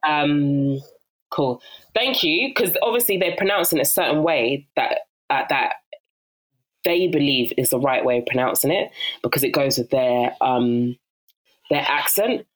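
Speaking at an extremely low pitch and a moderate pace, this young South London woman is an interview guest. She tells stories animatedly in a casual setting, imitating other people's voices and laughing a lot.

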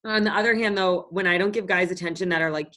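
A young woman in her late twenties co-hosts a podcast and chats casually. Her voice sits a little low, and she tells her stories bluntly, swears freely and speaks with confidence. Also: quick pace, a bit bright. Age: late 20s. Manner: blunt, profane storytelling. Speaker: podcast co-host. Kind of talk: casual chat. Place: Los Angeles.

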